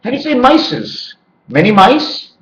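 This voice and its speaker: A man's voice: very high-pitched, wildly swooping pitch, a little slow, a bit bright. A man rambling to his handheld camera indoors at home, jumping between loose word and number associations. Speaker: vlogger. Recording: echoey, dull lo-fi camera audio.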